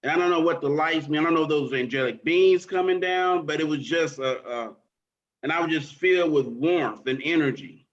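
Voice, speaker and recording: A man in a casual group chat, telling an excited, rambling story. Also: on the high side, a little fast. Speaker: participant. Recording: dull lo-fi sound.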